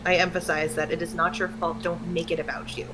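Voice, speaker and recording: A woman's voice: on the low side, flat delivery, brisk, noisy background. A woman talking candidly in a casual chat, rambling and laughing often. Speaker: stream co-host.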